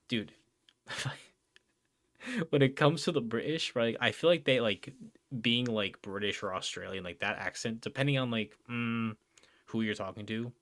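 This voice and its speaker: Rambling, lower-voiced streamer guy. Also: a bit bright, no echo, studio quality. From New Jersey. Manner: rambling, filler-heavy, says bro and dude a lot. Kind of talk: casual livestream chat reading out chat.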